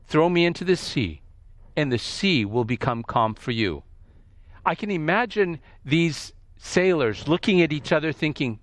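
A man's voice: fairly high pitch, no room sound. A man preaching a sermon, reading scripture aloud and explaining it, lifting his voice for quoted lines.

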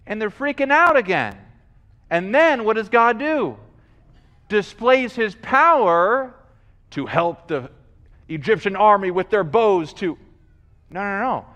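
A man's voice: high voice, sing-song, slow pace, pauses often, sharp tone, in a large hall. A male pastor preaching a sermon, telling stories animatedly, acting out scenes and calling for responses from the congregation.

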